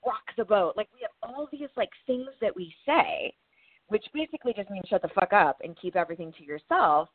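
A woman talks with open, animated candor and drops the odd curse word without fuss. Her voice comes through narrow and phone-like. The sound is dry and close, with no room around it. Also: medium pitch, brisk, dry recording. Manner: frank and animated, swears casually. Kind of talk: candid podcast conversation.

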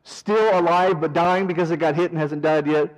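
Animated high-voiced man teaching scripture. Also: moderate pace, low-quality recording. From American South. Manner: animated, swings from loud emphasis to quiet asides; mocks mourners in a whiny voice. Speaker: Bible teacher. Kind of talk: verse-by-verse Bible study.

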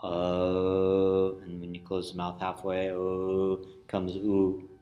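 A man teaching a lesson, explaining word roots slowly with many pauses and restarts. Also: low voice, monotone, narrow, tinny audio. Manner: slow and searching, many fillers and restarts; chants Sanskrit verse loudly in a sung tone. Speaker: yoga philosophy teacher. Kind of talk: lesson with call-and-response chanting.

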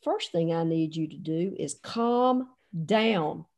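A woman's voice: medium pitch, big pitch swings, unhurried, slightly rough. A woman quoting a pregnant friend in labor who gives firm, no-nonsense orders.

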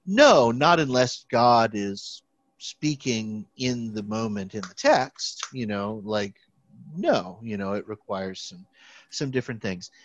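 On a dry, slightly dull recording with slight background noise, a young man studying theology talks at a slow pace in a medium-pitched voice. His casual podcast chat rambles with plenty of fillers and restarts, turning animated when he quotes others.

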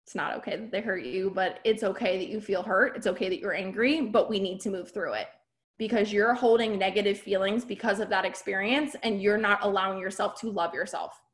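Woman coach, mid-pitched, candid and emphatic motivational talk to a group, keeps checking in with "right?". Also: steady tone, a little fast. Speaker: podcast host and business coach.

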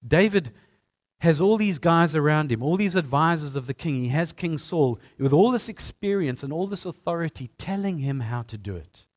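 A man's voice: a little high, lively intonation, normal speed. A man preaching a sermon as pastor, emphatic and repeating phrases for effect.

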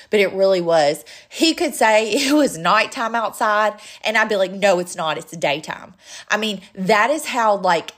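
Woman, earnest personal talk, repeats herself for emphasis, steady middle pitch.

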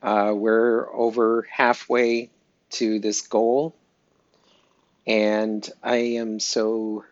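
A man speaking slowly and haltingly in a heartfelt personal audio diary, with many pauses and fillers. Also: on the low side, flat delivery, no room sound. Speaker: pet owner sharing an update. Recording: dry, dull lo-fi recording.

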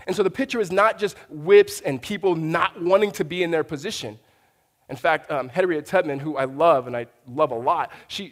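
High-voiced male pastor preaching in a reverberant hall. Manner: conversational, with frequent restarts and storytelling asides. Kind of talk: sermon.

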